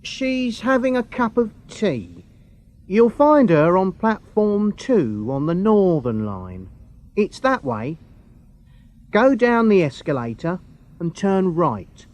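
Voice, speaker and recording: A man's voice: sits high, very animated, slow, darkish tone, pitched above the performer's own voice, heavily acted. A man voicing a gloomy, grumbling station supervisor in a storybook reading. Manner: grumbling, discouraging.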